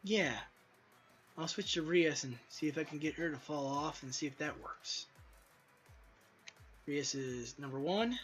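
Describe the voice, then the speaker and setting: An indie game developer with a fairly bright, somewhat high voice chats casually while testing his own game, speaking at a measured pace with frequent pauses. He rambles loosely with crude asides, and the dull lo-fi audio carries faint music.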